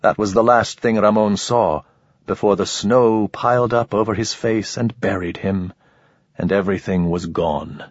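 A man with a low, husky voice reads a story in measured, dramatic narration. The room is dead dry, and the sound is slightly dull and lo-fi. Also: steady tone, dry recording. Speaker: audiobook narrator. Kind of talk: scripted narration.

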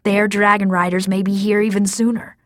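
A woman's voice: medium pitch, level tone, a little fast, dry recording, studio quality, natural voice. Woman reading as a grim, weary dragon rider uncle. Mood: urgent. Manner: urgent, strained pleading.

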